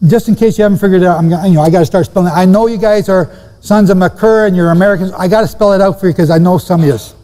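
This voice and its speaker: A man with a high-pitched, mellow voice teaches Bible prophecy at a rapid-fire pace, emphatically repeating key phrases and questioning the seated crowd. The sound has a hall's long reverb.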